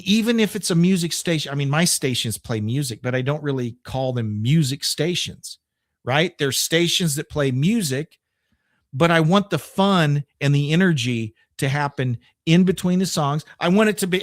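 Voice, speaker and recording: A man coaching new radio hosts in a casual, conversational way, leaning hard on his points and drifting into asides. His voice sits a little high for a man. The recording is dry and close, with no room sound. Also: no echo. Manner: conversational, emphatic, thinks aloud with asides. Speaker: radio coach and station owner. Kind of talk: casual instructional talk.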